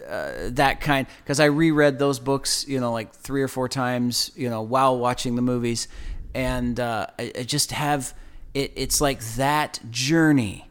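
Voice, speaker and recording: A man talks loosely on a podcast, his voice sitting at an ordinary middle pitch. He wanders through his thoughts, with plenty of fillers and false starts. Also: smooth. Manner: rambling, many restarts and fillers. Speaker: podcast co-host. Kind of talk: casual podcast chat.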